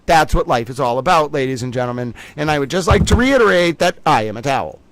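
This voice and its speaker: A man's voice: a little high, animated, fast, a bit bright, rough recording. A man hosting a casual commentary livestream, rambling playfully with mock-grand asides. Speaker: livestream host.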